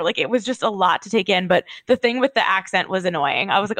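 A woman's voice: mid-range voice, fast, hardly any pauses, a bit bright, no room sound. A woman co-hosting a gossip podcast, chatty and self-mocking, with frequent "like". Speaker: podcast co-host. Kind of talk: casual celebrity gossip chat.

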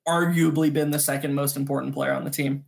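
A man co-hosting a postgame sports podcast, breaking down plays in quick, animated analysis with some restarts. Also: mid-range voice, gravelly. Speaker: podcast co-host.

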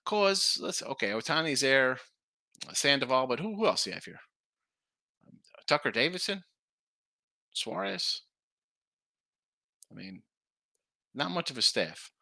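A middle-aged man hosts a casual sports betting live stream, rambling and restarting his sentences. His voice is bright and forceful, and the sound is dry and close with little room echo. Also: a little high. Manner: rambling, self-interrupting, reads chat comments aloud. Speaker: sports betting show host.

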